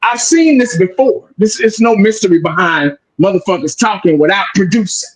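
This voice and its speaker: A man's voice: sits high, lively intonation, normal speed, rough recording. A man hosting a casual sports talk show, emphatic and profane, tagging his points with 'man'.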